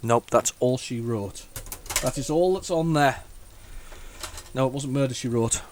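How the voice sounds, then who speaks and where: A man's voice: medium pitch, measured pace, slight background noise. A man hosting a retro computing video, talking casually as he goes, rambling and restarting often, with wry self-mocking asides. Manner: rambling, thinks aloud, frequent restarts. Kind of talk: casual running commentary.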